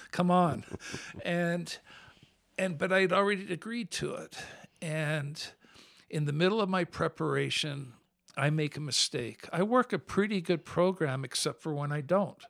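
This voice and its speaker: A man speaking as a podcast guest, his voice sitting fairly high and carrying a gravelly rasp. He tells his story in an earnest, heartfelt way, recorded close and dry with no room sound. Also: no room sound.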